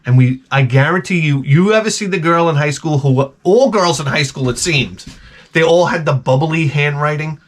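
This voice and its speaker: A man's voice: on the high side, normal speed. A male vlog host rambling through a comedic rant, crude and heavy on profanity. His delivery is jokey and exaggerated, and he jumps from one tangent to the next. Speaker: YouTube host.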